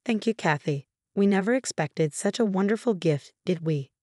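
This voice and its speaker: A woman's voice: mid-range voice, lively intonation, normal speed, darkish tone, no room sound, clean studio sound, lightly acted. A woman reading the lines of grateful older parents-in-law in a spoken story.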